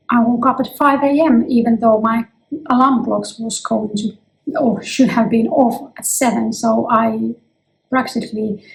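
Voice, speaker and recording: A woman's voice: on the high side, creaky, a little mellow, poor audio. A woman in her fifties who is losing her voice, chatting reflectively to camera from her office in a casual vlog. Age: 50s. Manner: chatty and reflective, with frequent restarts. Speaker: vlogger.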